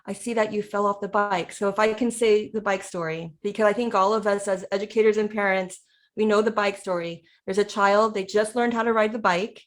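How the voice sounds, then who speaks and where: A woman's voice: mid-range voice, fairly even intonation, fairly quick. A woman who is a parent and educator, talking through ideas in a casual presentation, often acting out what people say.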